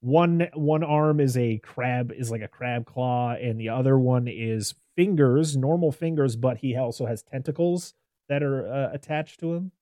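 A man hosting a casual podcast film review, rambling and animated with lots of restarts. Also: medium pitch, a little slow, dry recording, clean studio sound. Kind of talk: casual chat.

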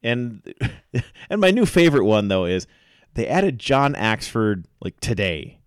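A man's voice: medium pitch, big pitch swings, measured pace, clean tone, dry recording, studio quality. A man co-hosting a podcast, chatting casually about sports and laughing often. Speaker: podcast co-host.

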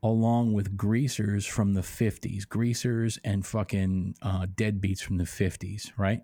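A man's voice: lowish voice, little pitch movement, a little slow, mellow, dry recording, studio quality. A man co-hosting a podcast, ranting in a rambling, profane, mocking way. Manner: rambling, swears a lot, mocking. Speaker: podcast co-host. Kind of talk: casual profane chat.

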